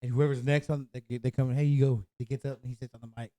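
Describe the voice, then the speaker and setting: A man's voice: medium pitch, quick pace, no echo. A man co-hosting a casual podcast chat, laughing often and telling stories with energy. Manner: laughs often, animated storytelling. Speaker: podcast co-host.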